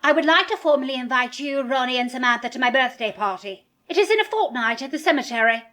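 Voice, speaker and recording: A woman's voice: high-pitched, expressive, fast, a bit bright. A woman voicing a formal, gloomy teenage goth girl who speaks with prim, formal diction in a comedy sketch.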